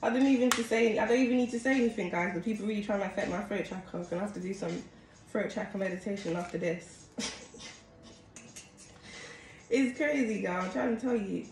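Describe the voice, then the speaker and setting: A woman reads tarot cards for her viewers in a loose, chatty way, calling out to them again and again. Her voice sits at an ordinary middle pitch. It bounces around an echoey room over a steady hiss of background noise. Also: fast talker, long pauses. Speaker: tarot card reader. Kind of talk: casual tarot reading to camera.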